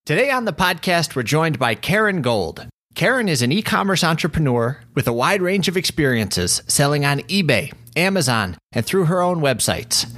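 A man's voice: fairly high pitch, big pitch swings, moderate pace, a bit bright. A man hosting a podcast interview, probing his guest with follow-up questions. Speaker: podcast host. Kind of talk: conversational interview.

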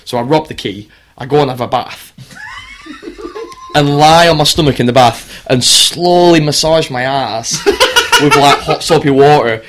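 A man's voice: on the high side, moderate pace. A young man in casual chat, rambling through sweary tour stories and laughing as he goes. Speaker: touring band musician telling stories. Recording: crowd noise behind.

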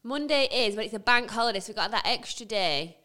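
A woman from England co-hosting a podcast, bubbly and quick to laugh in casual chat. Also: on the high side, expressive, sharp tone. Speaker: podcast co-host.

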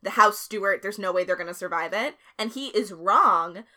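A woman's voice: mid-range voice, normal speed, sharp tone. A woman co-hosting a podcast, telling a history story in a casual, chatty way, laughing often. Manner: laughs often, swears, uses filler like.

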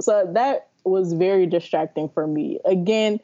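A woman's voice: fairly low pitch, unhurried, muffled recording, crowd noise. A woman from the Bay Area, a podcast guest chatting casually and animatedly, often laughing. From San Francisco Bay Area. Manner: animated, laughing, talks in long runs. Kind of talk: casual chat.

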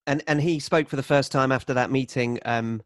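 Quick-talking man on a podcast. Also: medium pitch, fairly even intonation, no room sound, studio quality. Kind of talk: conversational podcast chat.

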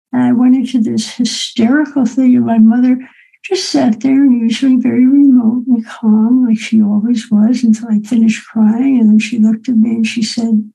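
A woman in her eighties telling a personal story to an audience, unhurried and reflective, often adding "right?" to her sentences. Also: fairly high pitch, level tone, vocal fry, warm tone, husky, rough recording. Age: 80s.

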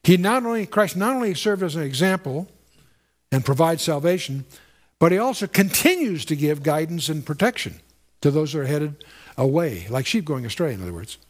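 Earnest man teaching scripture, slightly high. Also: very animated, moderate pace. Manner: earnest, explanatory, with frequent restarts and rhetorical questions. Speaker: Bible teacher. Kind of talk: verse-by-verse sermon teaching.

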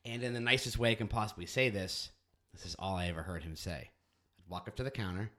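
A man co-hosting a casual podcast, telling stories with lots of swearing and loud acted-out quotes. He grew up on the US East Coast. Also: fairly low pitch, fast talker. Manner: animated, swearing, acts out quotes loudly. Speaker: podcast co-host. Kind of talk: casual storytelling chat.

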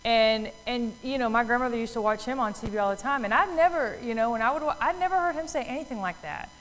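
A woman's voice: on the high side, quick pace, fairly bright tone, long reverb tail, a little hiss or hum, low-quality recording. Chatty woman telling a Bible story. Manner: chatty storytelling with many fillers, acting out voices. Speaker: Bible teacher. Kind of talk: casual Bible talk.

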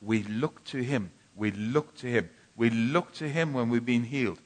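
A man's voice: medium pitch, normal speed. A man preaching a sermon in a church, emphatic and repetitive, often restarting phrases.

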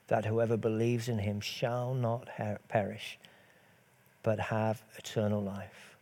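Guy preaching a sermon, mellow low-key tone, earnest, lots of rhetorical questions.

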